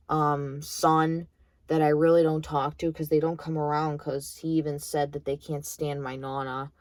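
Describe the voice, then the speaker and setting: A woman's voice: low voice, no echo. A young adult woman venting in a casual monologue, blunt and heated, swearing freely. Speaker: vlogger.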